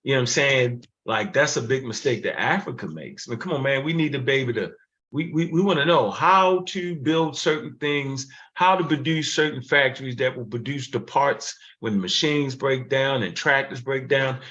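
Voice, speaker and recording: A man hosts a live online show in a loose, casual way, often ending his phrases with "man". His voice is mid-pitched, and the audio is a bit muffled and lo-fi. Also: moderate pace, fairly bright tone. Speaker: show host. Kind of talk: casual livestream talk.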